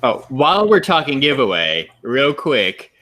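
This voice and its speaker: A man's voice: mid-range voice, very animated, unhurried, pushed and bright, slight background noise. A man co-hosting a casual podcast, chatting in an upbeat way. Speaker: podcast co-host.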